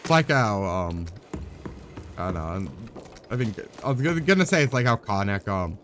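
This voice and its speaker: A man's voice: fairly low pitch, sing-song, moderate pace, a bit bright, slight background noise. A man streaming a game live, chatting casually in a rambling, joking way with some swearing.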